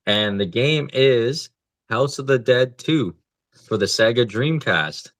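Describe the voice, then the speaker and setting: A man's voice: mid-range voice, lively intonation, takes it slowly, a bit bright, no room sound. A man co-hosting a podcast, chatting casually about video games in a laid-back way and swearing freely. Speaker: podcast co-host. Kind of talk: casual gaming chat.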